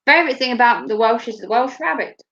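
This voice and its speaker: Quick and a little high, with a slightly bright tone, this Norfolk-accented host from Norfolk, England keeps a casual chat going with blunt jokes and frequent laughter. The sound is muffled lo-fi.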